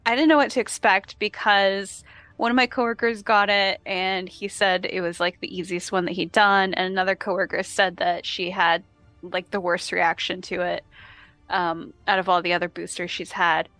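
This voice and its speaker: A woman's voice: mid-range voice, level tone, moderate pace, pushed and bright, dry recording, faint music behind. A woman co-hosting a podcast in casual chat, easygoing and laughing often. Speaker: podcast co-host and editor.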